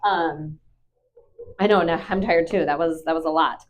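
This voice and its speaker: Bubbly young woman dog trainer rambling on a clip mic, kinda low voice, lots of ums. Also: moderate pace, background noise. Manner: bubbly, chatty, many fillers. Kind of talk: casual vlog chat.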